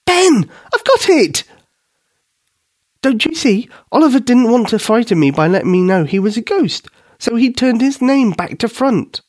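A man doing an eager, high-voiced little girl. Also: wildly swooping pitch, moderate pace, a little mellow, dry recording, clean studio sound, exaggerated voice. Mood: excited. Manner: eager, teasing. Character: quick-witted cheeky young girl.

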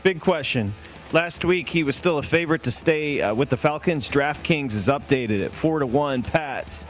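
A man hosting a sports betting radio show, brisk and upbeat as he reads odds and steers the talk. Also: a little high, lively intonation, soft background music. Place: radio studio.

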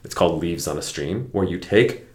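A low-pitched man speaks as a psychologist guest, patiently explaining ideas in easy conversation. He keeps checking in with quick "right?" tags. His voice carries a noticeable roomy echo. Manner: explanatory, frequent "right?" tag questions.

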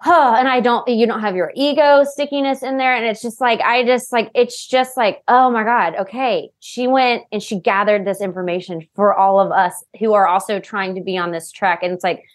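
A woman's voice: medium pitch, steady tone, fairly quick, few pauses. A woman hosting a casual chat, gushing with praise for her guest and tearful. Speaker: podcast host.

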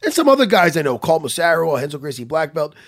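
A man's voice: fairly high pitch, quick pace. A man hosting a casual chat, rambling and swearing freely, often laughing mid-sentence. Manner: animated, swears a lot, breaks into laughter.

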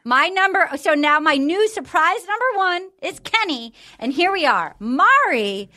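High, animated woman podcast host. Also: unhurried. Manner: animated, gossipy storytelling. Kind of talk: casual chat recapping a reality show.

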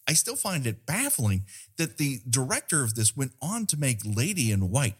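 A man hosting a podcast in casual chat, with a playful, showman-like delivery into a boom-arm microphone. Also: very animated, normal speed, husky. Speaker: podcast host.

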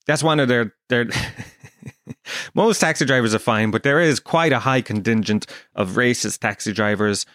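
A man's voice: medium pitch, moderate pace, no echo, clean studio sound. Swearing Irish man telling stories. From Ireland. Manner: animated storytelling, swears a lot, acts out quotes. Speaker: podcast host. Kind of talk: casual comedic monologue.

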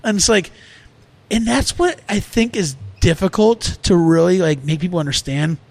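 A man's voice: high voice, normal speed, vocal fry, a little mellow, no room sound. Earnest man rambling in casual talk. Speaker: restaurant owner. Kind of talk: casual podcast conversation.

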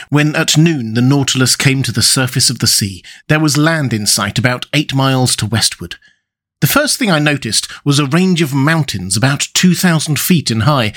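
Measured male audiobook narrator. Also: mid-range voice. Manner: measured, steady reading.

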